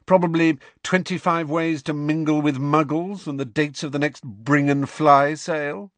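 A man's voice: fairly high pitch, steady tone, moderate pace, a bit bright, dry recording, pitched above the performer's own voice, close to an everyday voice. A man voicing a scornful, pushy middle-aged woman journalist who talks in a cold, withering, sarcastic way.

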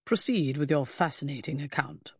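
Lady putting on a stiff fussy victorian gent, slow and clipped, low husky voice, dry close sound. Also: dry recording, heavily acted. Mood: cold. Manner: slow, precise, clipped, condescending. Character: pedantic, cold Victorian gentleman detective. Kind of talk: audiobook character voice.

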